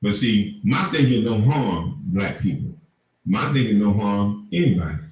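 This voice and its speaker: A man's voice: fairly low pitch, lively intonation, measured pace, a little mellow. A man, ranting on camera as an online commentator in a profane, mocking, confrontational way. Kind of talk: ranting monologue. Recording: very echoey room, far from the mic.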